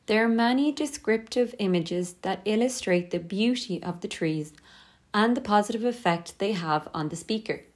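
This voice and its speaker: A woman reading a scripted poetry lesson in a steady, measured way. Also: medium pitch. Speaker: teacher.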